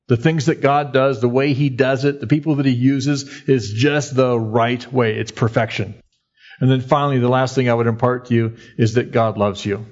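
A man's voice: medium pitch, darkish tone, muffled recording. A man preaching a sermon in a conversational, folksy way, acting out quoted voices by raising his voice. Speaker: pastor.

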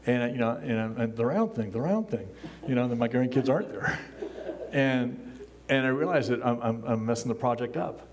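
An older man, a pastor, preaching a sermon from a church pulpit in a relaxed, conversational way, chuckling often and acting out the lines he quotes. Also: mid-range voice, moderate pace, crowd noise. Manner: acts out quoted lines in a raised voice.

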